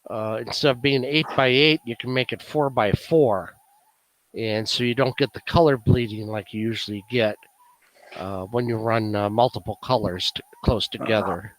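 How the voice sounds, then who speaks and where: A man's voice: mid-range voice, steady tone, moderate pace. A man with a Chicago accent presenting at a meeting, musing aloud with many fillers. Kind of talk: casual demonstration talk.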